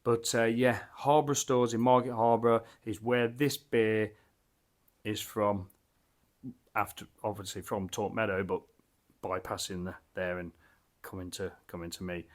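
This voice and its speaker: A man's voice: fairly low pitch, little pitch movement, a little slow. A man casually reviewing a beer as he tastes it, enthusiastic and rambling, with lots of fillers and restarts.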